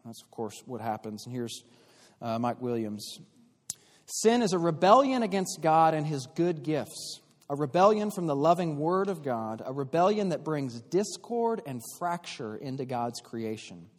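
A man teaching a church class in an explanatory way, pausing and restarting often. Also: a little high, expressive. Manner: explanatory, with frequent fillers and restarts. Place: church hall. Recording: long hall reverb.

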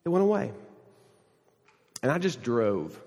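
A pastor giving a sermon, telling a rambling personal story full of restarts and self-deprecating asides. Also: male voice, mid-range voice, big pitch swings, measured pace, a little mellow. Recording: long hall reverb.

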